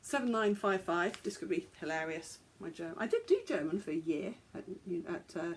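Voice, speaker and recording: A woman's voice: fairly low pitch, big pitch swings, moderate pace, a little hiss or hum. A woman hosting a podcast, chatting casually and joking at her own expense as she stumbles over foreign words. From England. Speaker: podcast host.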